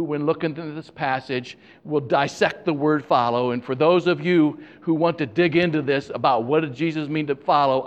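A man's voice: fairly high pitch, dull audio. A man, a pastor, preaching a sermon with emphatic stresses and conversational asides.

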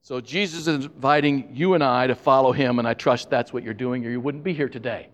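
A man's voice: medium pitch, brisk. A man, a pastor, preaching a sermon with emphatic stresses and conversational asides.

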